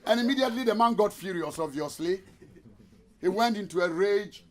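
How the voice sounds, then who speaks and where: A man's voice: high-pitched, lively intonation, fairly quick. A man giving a motivational seminar talk, telling stories and asking the audience rhetorical questions. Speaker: motivational speaker.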